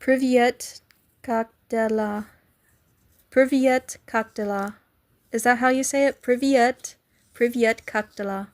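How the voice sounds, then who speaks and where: A woman's voice: fairly high pitch, fairly even intonation, takes it slowly, long pauses. A woman live streaming, chatting casually with viewers and playfully trying to pronounce foreign greetings.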